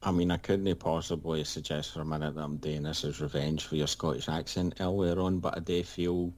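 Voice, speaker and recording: A man giving measured, dryly humorous football opinions as a podcast pundit, hedging his points. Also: a bass voice, steady tone, a little mellow. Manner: measured, dry humour, hedging. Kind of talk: casual panel chat.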